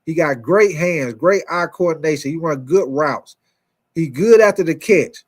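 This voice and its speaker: A man's voice: fairly high pitch, unhurried. A man hosting a casual sports talk show, talking energetically and calling out to his viewers. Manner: energetic, repetitive, calls out to viewers with 'y'all' and 'man'.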